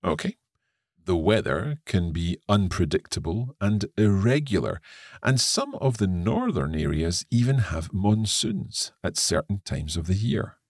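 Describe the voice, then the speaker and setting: Scottish man, language teacher, very low, lively intonation, husky, dry close sound. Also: measured pace, no room sound. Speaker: co-host and English teacher. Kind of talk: language-lesson podcast.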